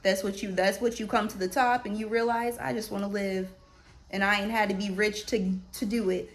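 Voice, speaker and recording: A woman vlogger in casual, animated spiritual commentary, exclamatory and slangy, talking straight to her viewers. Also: medium pitch, brisk.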